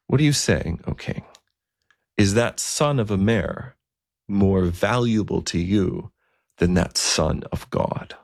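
A man voicing a gentle, devout old bishop who speaks calmly and solemnly, within a spoken story. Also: on the low side, slow pace, gravelly, no echo, studio quality. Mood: rebuking. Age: older.

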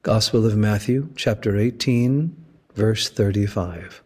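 Slow, low-voiced man preaching. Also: a little mellow, breathy edge, long reverb tail. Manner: slow, measured preaching with deliberate emphasis. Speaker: pastor. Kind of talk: sermon.

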